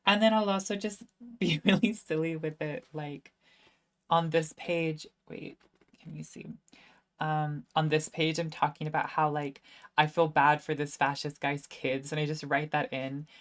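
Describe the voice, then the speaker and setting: Low-voiced young woman chatting on stream. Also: little pitch movement, moderate pace. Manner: chatty and self-mocking, laughing often. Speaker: streamer answering viewer questions. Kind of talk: casual livestream chat.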